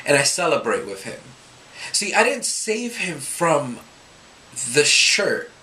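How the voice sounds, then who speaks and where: A man's voice: fairly high pitch, slow, slight background noise. A man giving a Scripture reflection for a youth ministry, telling stories animatedly and acting out the people he quotes. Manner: animated storytelling, quoting others in voices.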